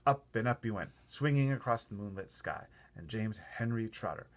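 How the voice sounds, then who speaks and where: A man's voice: lowish voice, lively intonation, normal speed. A man reading a children's book aloud, stopping for chatty asides to his listeners. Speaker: storyteller.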